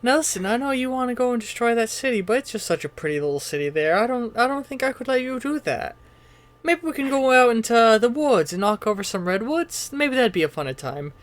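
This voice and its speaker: A man voicing a friendly giant monster who talks in a soft, soothing, kindly way. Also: extremely high pitch, big pitch swings, fairly quick, voice pushed up.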